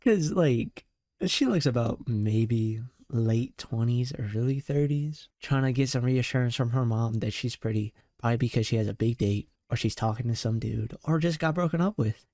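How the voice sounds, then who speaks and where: A man's voice: medium pitch, dark tone, no echo, clean studio sound. A young man in reaction commentary, ranting with exasperated, profane and slangy outbursts. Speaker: commentary host.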